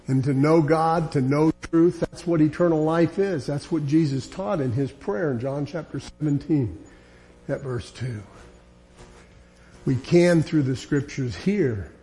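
Slow, high-voiced preaching man. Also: warm tone. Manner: emphatic, repetitive preaching with rising insistent lines. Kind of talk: sermon.

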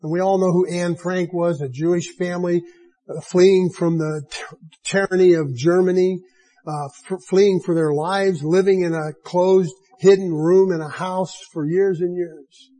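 Male preacher, higher voice, warm and mellow tone, slow earnest sermon delivery. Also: steady tone, poor audio.

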